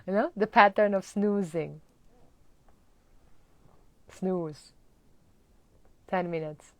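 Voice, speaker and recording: Woman teaching mantras with a gravelly edge. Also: lowish voice, drawn-out words, pauses often, no room sound, dull audio. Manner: warm, animated explaining with laughs and chanting; acts out groggy morning complaints. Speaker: spiritual teacher. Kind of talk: live-streamed mantra lesson.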